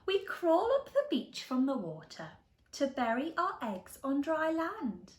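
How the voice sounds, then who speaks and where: A woman voicing a group of turtles in a gentle rhyme, in an echoey room. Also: high-pitched, big pitch swings, measured pace. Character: turtles telling of egg laying.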